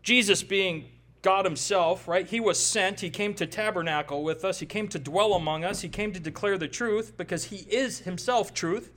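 A man's voice: high voice, normal speed, a bit bright. A man in his forties preaching a conversational, emphatic sermon, often checking in with the congregation. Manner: conversational, emphatic, frequent "right?" tags. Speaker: pastor. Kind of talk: expository sermon.

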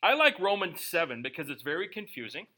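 A man's voice: fairly high pitch, very animated, fairly quick, pushed and bright, low-quality recording. A male pastor preaching a sermon to a congregation, reading scripture aloud and breaking in with joking, conversational asides. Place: church before a live congregation.

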